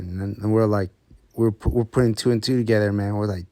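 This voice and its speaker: A man's voice: lowish voice, steady tone, fast talker, mellow, dry recording. A man telling a casual story full of swearing and laid-back street slang.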